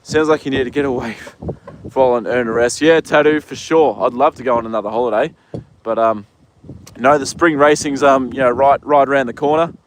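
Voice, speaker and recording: A young man telling stories outdoors on a casual live stream, rambling and relaxed, with lots of fillers and the odd swear word. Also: mid-range voice, fairly quick. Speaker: live streamer working in horse racing. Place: outdoors with horses in the wind. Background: faint wind noise.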